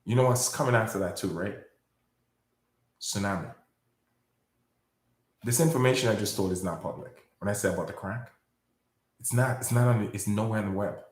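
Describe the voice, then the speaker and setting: A man hosting his own video speaks to viewers in a fairly low voice at normal speed, leaving long pauses, with a reverberant sound. His casual monologue to camera rambles, with frequent repeated words and attacks on his critics.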